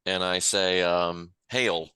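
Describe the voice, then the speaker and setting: Brief: male player, bright tone, slow and hesitant, lots of ums. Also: mid-range voice, expressive, smooth. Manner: hesitant, many fillers. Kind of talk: tabletop game chat.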